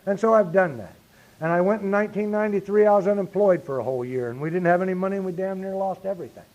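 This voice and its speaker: Middle aged guy sharing at a meeting, earnest and punchy, slightly high voice. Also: very fast, darkish tone. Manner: earnest, rises to emphatic, repeats "you see". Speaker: speaker sharing his recovery story. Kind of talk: recovery meeting talk. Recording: lo-fi 1990s meeting tape.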